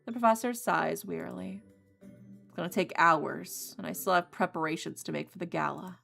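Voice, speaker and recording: A woman's voice: on the low side, moderate pace, creaky, bright, forceful tone, soft background music, exaggerated voice. A woman voicing a tired, fretful professor in a visual novel game, scolding and worn out. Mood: weary. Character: weary, fretful professor caring for creatures.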